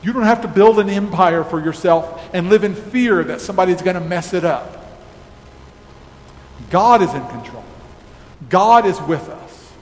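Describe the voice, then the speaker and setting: A man pastor giving a sermon in a church, preaching slowly and emphatically and closing in prayer. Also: sits high, animated. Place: church sanctuary. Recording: echoey hall with faint noise.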